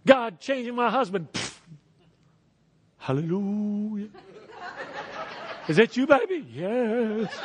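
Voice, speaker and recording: A man preaching a sermon as pastor, animated, acting out voices and leading the crowd to repeat after him. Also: sits high. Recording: reverberant hall.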